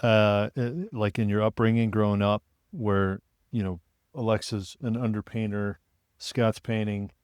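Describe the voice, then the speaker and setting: A man's voice: fairly low pitch, level tone, unhurried, darkish tone, clear, resonant tone, no echo, clean studio sound. A man co-hosting a podcast on a yacht, asking questions and rephrasing as he goes. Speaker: podcast co-host. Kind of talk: interviewing in casual chat. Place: aboard a family yacht.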